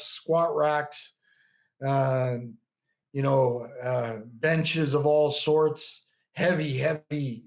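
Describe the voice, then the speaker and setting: A middle-aged man, a bodybuilder and coach, telling stories as a podcast guest in a loose, rambling way full of restarts. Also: on the high side. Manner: rambling, frequent restarts and "you know". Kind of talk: casual storytelling interview.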